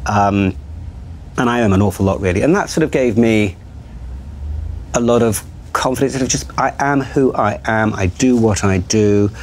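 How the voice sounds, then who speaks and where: A man's voice: lowish voice, normal speed, slight background noise. A middle-aged man talking frankly and self-deprecatingly about himself in a therapy-style conversation. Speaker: TV channel executive in a therapy session. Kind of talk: candid conversation.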